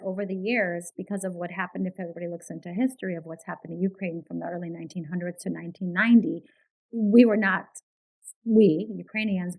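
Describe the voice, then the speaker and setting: A woman's voice: lowish voice, creaky, slightly rough, poor audio. A woman guest on a podcast, a behaviour analyst, talking in earnest, casual interview style and often checking in with "right?". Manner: earnest, repeats words, says "right?" often.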